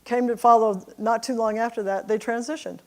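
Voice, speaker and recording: A woman's voice: a little high, steady tone, fairly quick, a little mellow. Chatty woman telling stories at church. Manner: chatty, laughs often. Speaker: church speaker. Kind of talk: personal storytelling to a congregation. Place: church service.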